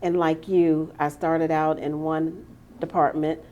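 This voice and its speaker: A woman host with a lower voice tells stories in a relaxed, chatty way. She animates her anecdotes and slips into the voices of the people she quotes. Faint noise hums under the recording. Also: slow pace, dull audio. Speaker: podcast host. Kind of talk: casual chat.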